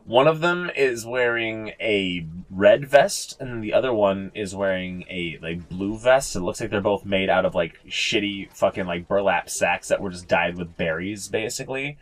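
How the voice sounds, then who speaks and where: A man with a fairly low voice running a tabletop game as game master. He narrates loosely, with plenty of "like" and "uh" and the odd curse. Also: normal speed, few pauses. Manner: rambling, filler-heavy, swears casually.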